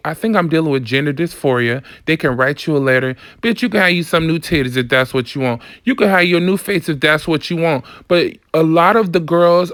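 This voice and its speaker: A woman's voice: lowish voice, no room sound, studio quality. A woman vlogger delivering a casual commentary rant, sassy, blunt and profane.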